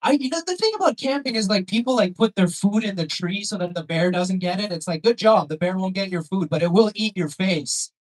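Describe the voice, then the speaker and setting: A man's voice: high-pitched, fairly quick, few pauses, low-quality recording. A young man doing a crude, rambling stand-up set with crowd work on a comedy club stage, on a handheld mic.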